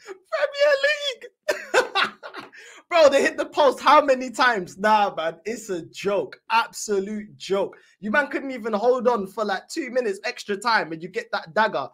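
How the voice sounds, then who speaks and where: A woman's voice: mid-range voice, expressive, normal speed, few pauses, a bit bright. A woman hosting a football reaction channel, giving casual commentary with teasing, slangy banter and frequent laughs.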